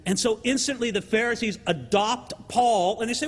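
A man preaching a sermon to his congregation in an animated way, often checking in with the listeners by asking "right?". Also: very high voice, moderate pace, husky, in a large hall. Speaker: pastor.

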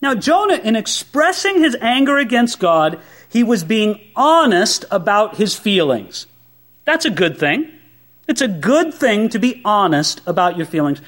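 A man preaching a sermon as a pastor, conversational and animated, with many rhetorical questions. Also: high voice, measured pace.

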